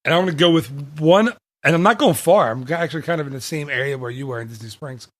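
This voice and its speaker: Podcast host, male, rambling and laughing a lot, slightly high voice, dry close mic. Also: quick pace, no room sound. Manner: rambling, laughs often, self-correcting. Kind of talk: casual chat.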